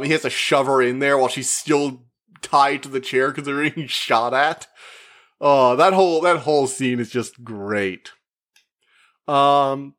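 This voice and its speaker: A man giving a casual, rambling spoken movie review, chatty and full of fillers, who acts out the characters' lines in quick put-on voices. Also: mid-range voice, a bit bright. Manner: rambling, with frequent fillers and restarts. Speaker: media reviewer.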